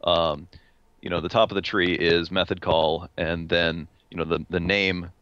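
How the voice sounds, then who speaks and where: A man's voice: low voice, flat delivery, measured pace, a bit bright, clean tone, no echo, dull audio. A man talking through a technical point in casual panel chat, with many restarts and fillers. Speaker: podcast panelist.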